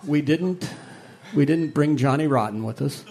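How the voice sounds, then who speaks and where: Male musician, rambling anecdote teller, lightly raised pitch, amused. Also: a little slow, a little mellow. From Akron, Ohio, USA. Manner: rambling, chuckles through his stories. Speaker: musician guest. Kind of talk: anecdotal storytelling.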